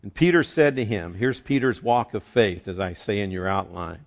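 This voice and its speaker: A man from the eastern United States preaching a sermon as pastor, telling the story in a conversational, animated way. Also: fairly low pitch, normal speed. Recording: dull lo-fi recording.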